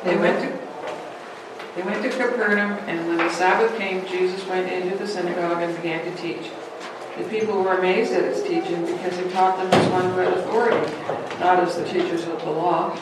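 A woman from a Bible class reading a scripture passage aloud in a steady voice. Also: on the low side, brisk, heavy background noise. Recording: echoey room from a distant mic.

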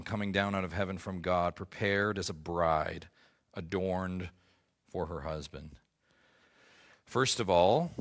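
A man preaching a sermon to his church, reading scripture and teaching, swelling to emphatic peaks and dropping to quiet lows. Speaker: pastor.

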